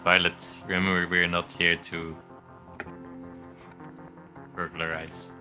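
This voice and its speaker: A man playing a cautious adventurer quietly warning his companion. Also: low voice, monotone, slow pace, faint music behind, exaggerated voice. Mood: cautioning.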